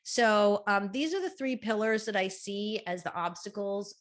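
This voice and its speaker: A middle-aged woman with a loud, projecting voice, giving a chatty motivational talk at a women's conference. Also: mid-range voice. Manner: chatty, with fillers and quick asides. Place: conference room, live talk.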